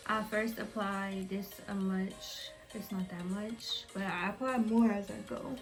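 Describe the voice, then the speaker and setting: A woman's voice: medium pitch, fairly even intonation, unhurried, faint music behind. A young woman chatting casually to her viewers as she walks them through her hair-care routine. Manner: chatty, talks straight to viewers. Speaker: beauty vlogger.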